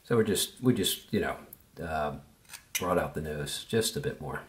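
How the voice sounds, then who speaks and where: A man's voice: a bass voice, expressive, moderate pace. A man giving an easygoing, step-by-step tutorial while he works, thinking aloud as he goes. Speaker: woodcarving instructor.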